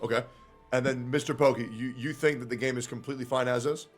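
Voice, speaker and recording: A man's voice: medium pitch, steady tone, fast talker, faint music behind. A man moderating a streamed debate, asking guests questions and turning to chat. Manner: addresses chat, wraps up politely.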